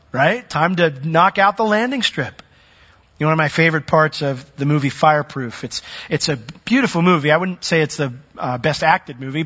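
A man preaching a sermon, swinging from loud emphatic peaks to soft, low asides. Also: lo-fi sound. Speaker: pastor.

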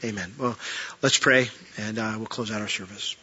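A man's voice: on the low side, fairly even intonation, moderate pace, pushed and bright, husky, highs cut off. A man preaching from a church pulpit, telling personal stories earnestly with frequent restarts and closing in prayer.

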